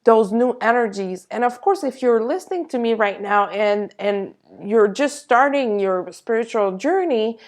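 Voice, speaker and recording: A woman's voice: on the high side, expressive, a little slow, hardly any pauses. A woman channeling a spiritual energy update, speaking in a reassuring way and sometimes searching for her words.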